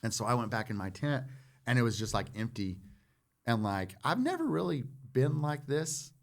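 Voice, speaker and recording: A man in his forties, a former Marine guest on a podcast, telling a story in a loose, animated way and acting out what others said. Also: medium pitch, moderate pace, gravelly. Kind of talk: casual storytelling.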